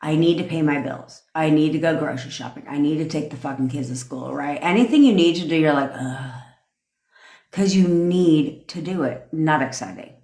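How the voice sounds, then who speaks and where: A woman's voice: deep voice, fairly quick, few pauses, mellow. A woman manifestation coach ranting on a livestream, blunt and profane, cheering on viewer comments as she talks. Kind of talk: livestream rant. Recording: roomy echoey room.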